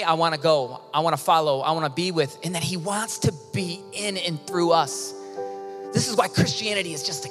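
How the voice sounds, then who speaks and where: An earnest man preaching in a large auditorium, his voice slightly high and often sinking into a soft hush. A long reverb hangs on his words, and faint music plays beneath them. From Michigan. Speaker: worship leader and preacher. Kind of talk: sermon.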